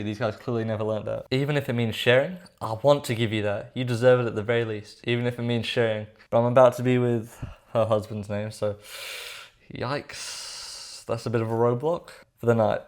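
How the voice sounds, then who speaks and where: A young man who talks quickly in a sarcastic, exasperated way, tossing in casual slang as he mocks a text conversation. His pitch sits in an ordinary middle range. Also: flat delivery, a little mellow. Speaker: reaction commentator. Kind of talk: comedic commentary reading text messages aloud.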